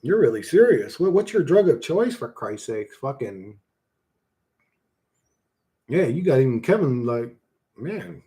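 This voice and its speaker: Man, livestream host, casual profane chat, mid-pitched voice, blunt. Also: sing-song, a little slow, pauses often, dark tone. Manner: blunt, swearing, calls people bro.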